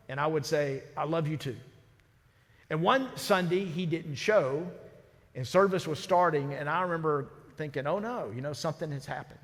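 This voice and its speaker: A man's voice: fairly high pitch, normal speed. Preaching man in a reverberant church. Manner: storytelling, lively and conversational. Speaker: senior pastor. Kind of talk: sermon. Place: large church sanctuary. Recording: church sanctuary with long reverb.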